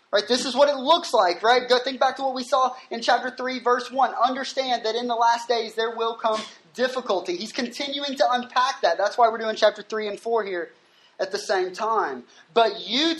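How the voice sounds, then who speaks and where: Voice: mid-range voice, a bit bright. A pastor preaching a sermon at a gathering on a university campus, reading scripture aloud and explaining it, with frequent "right?" checks.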